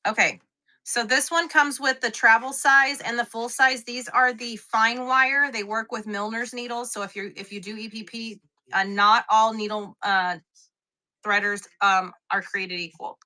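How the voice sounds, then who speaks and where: Her voice is a little high, steady in tone, and pushed and bright, delivered at a measured pace. She's a young live-stream seller offering quilting supplies, chatting casually, teasing herself, and laughing often.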